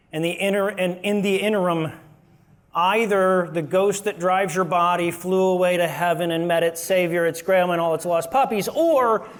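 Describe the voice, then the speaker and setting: A man giving a joking, self-deprecating stand-up style talk from a live stage as a guest speaker. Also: high voice. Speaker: guest speaker, activist and podcaster. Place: live stage before an audience.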